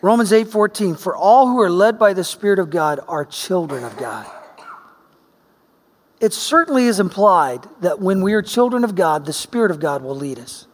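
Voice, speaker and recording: Middle-aged male preacher, high voice, animated storyteller, long hall reverb. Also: moderate pace. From Oregon, US. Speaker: pastor. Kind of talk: sermon with personal story.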